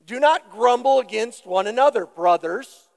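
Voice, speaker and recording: A male pastor preaches slowly in a high, gravelly voice, deliberate and emphatic, posing questions to the congregation. He sounds expressive, and the long reverb of a church sanctuary surrounds his words.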